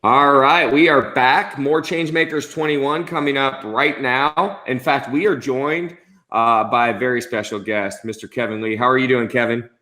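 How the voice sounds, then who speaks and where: A man's voice: mid-range voice, steady tone, normal speed, bright, forceful tone. A man co-hosting a livestream, talking in an upbeat, friendly way and laughing often. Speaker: co-host of a livestream show. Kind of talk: casual live-stream chat.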